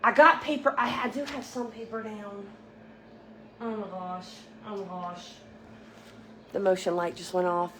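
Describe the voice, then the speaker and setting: A woman's voice: mid-range voice, steady tone, a little slow, pauses often, noisy background. A middle-aged woman, chatting casually with viewers as she hosts a live stream from her home kitchen. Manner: chatty, laughing, greeting viewers by name.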